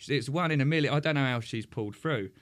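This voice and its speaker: A man, a podcast guest, talking candidly and swearing freely, often restarting his sentences. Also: mid-range voice. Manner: frank, sweary, halting with restarts.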